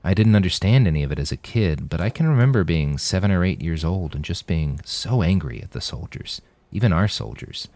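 An earnest young man, anxious and searching, talking in a low, lively voice, as a man reads him in an audiobook. The sound is dry and close. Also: fairly quick, hardly any pauses, no room sound.

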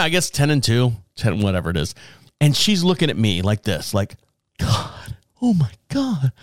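A man hosting a podcast, telling a story in a casual, profane, animated way and laughing along as he goes. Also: on the high side, clear, resonant tone, dry recording, studio quality. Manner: profane, animated, laughs through his stories. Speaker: podcast host.

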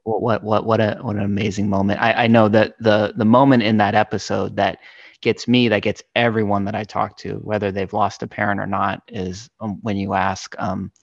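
A man's voice: on the low side, flat delivery, moderate pace, dry recording, highs cut off. A man hosting a podcast, talking casually with an earnest, affirming manner. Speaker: podcast host. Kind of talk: casual conversation.

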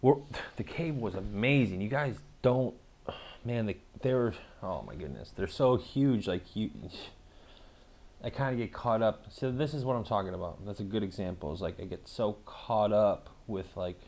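A man's voice: fairly low pitch, normal speed, a little mellow. A man casually telling a story to camera, rambling with lots of fillers and swearing.

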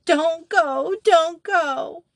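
A woman's voice: high voice, measured pace, fairly bright tone, no room sound, pitched above the performer's own voice. A woman voicing a small frightened girl trapped in a pit, sobbing and pleading as she reads a storybook aloud. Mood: terrified sobbing.

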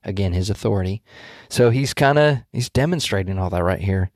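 A man with a fairly low voice talks through a scripture passage, thoughtful and explanatory, often restarting his sentences. The sound is dry and close, with no room around it. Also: expressive, a little fast, darkish tone, no echo. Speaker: Bible study co-host. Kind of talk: casual Bible study discussion.

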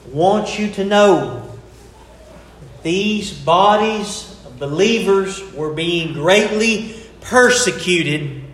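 A man delivers a sermon at a very slow, measured pace. His voice sits fairly high, and he pauses to stress key words. The sound carries a roomy echo. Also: animated, a bit bright. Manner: slow, deliberate preaching with emphatic pauses. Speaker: preacher.

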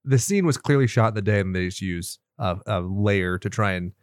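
A man's voice: on the low side, moderate pace, dry recording, studio quality. A man in casual chat, wisecracking and crude, making frequent jokes. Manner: wisecracking, crude jokes, jumps into loud impressions. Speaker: podcast co-host.

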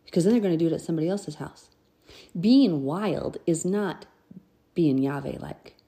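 Low-voiced earnest woman teaching scripture. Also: expressive, moderate pace, mellow. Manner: earnest and conversational. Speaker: podcast host. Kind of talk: scripture reading with commentary.

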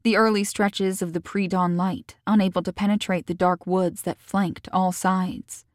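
Female author-narrator, first-person audiobook, measured and calm, slightly low pitch, dry recording. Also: no room sound. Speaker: author reading her own novel.

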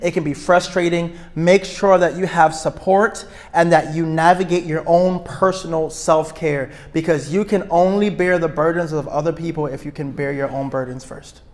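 A man speaking to a room of couples at a retreat, energetic and outgoing, often checking in with his listeners. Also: fairly high pitch, moderate pace, few pauses. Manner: energetic, self-described extrovert; checks in with listeners, asking "right?". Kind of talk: live talk to an audience.

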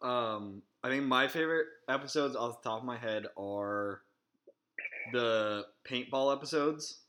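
A man's voice: mid-range voice, a little slow, fairly bright tone. A man in casual chat, giving short agreeing replies and laughing along.

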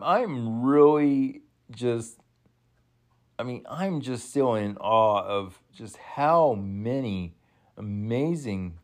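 A man with a lowish voice casually comments along to an old wrestling event as a watch-along host. He often bursts into excited exclamations and laughter, then slows down and halts with fillers.

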